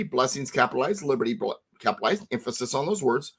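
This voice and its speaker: Emphatic man explaining, fairly high voice. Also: fairly quick, hardly any pauses. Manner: emphatic, lively, repeats words for stress. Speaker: teacher. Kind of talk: explaining a text to a co-host.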